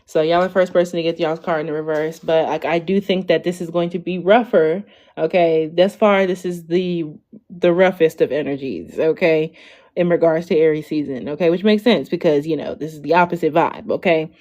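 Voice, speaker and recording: A woman's voice: sits low, steady tone, a little fast, mellow. A woman in her twenties giving a casual tarot reading on a stream, chatty, tagging "okay?" onto her lines. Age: 20s. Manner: chatty, ends lines with "okay?", lots of "like" and "y'all". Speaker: tarot reader.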